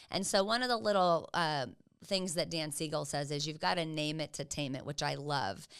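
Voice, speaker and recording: A woman's voice: deep voice, a bit bright, smooth. An older woman giving casual, earnest parenting advice, encouraging and acting out what parents could say. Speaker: parenting educator. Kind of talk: casual teaching talk.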